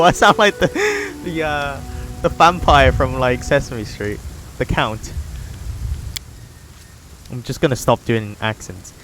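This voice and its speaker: A man's voice: mid-range voice, takes it slowly, pauses often, a bit bright, faint music behind, low-quality recording. A man streaming live gameplay, chatting casually and laughing at himself while reading game dialogue. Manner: laughing, self-deprecating.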